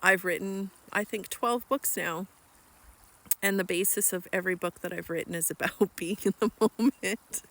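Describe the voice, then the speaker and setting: A woman's voice: medium pitch, normal speed, a bit bright. A middle-aged woman, an author, talking candidly to camera outdoors by a lake, cold and freezing, reflective and self-deprecating with many fillers. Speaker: author and vlogger. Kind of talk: casual reflective vlog monologue.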